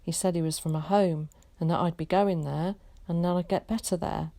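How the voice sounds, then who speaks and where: A woman's voice: lowish voice, steady tone, normal speed, warm tone, close to an everyday voice. A woman voicing a frightened, sickly young boy who pleads and cries. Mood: pleading. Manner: pleading, tearful.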